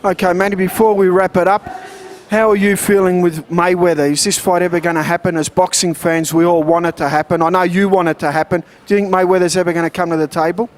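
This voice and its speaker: A man's voice: high-pitched, little pitch movement, fast, slight background noise. A man hosting a boxing interview show, asking upbeat promotional questions.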